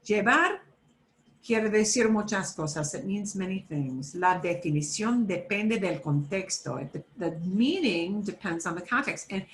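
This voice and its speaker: A woman's voice: mid-range voice, lively intonation, moderate pace, hardly any pauses. A woman teaching a beginner Spanish class over a video call, chatty and repetitive, with fillers and self-corrections, switching between English and Spanish. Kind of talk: online class instruction.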